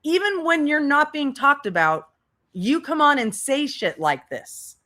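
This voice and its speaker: Slow-talking, sarcastic woman commentator. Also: high-pitched, expressive, bright, forceful tone. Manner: blunt, sarcastic, addresses the subject directly. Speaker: commentary youtuber. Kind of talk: commentary over clips.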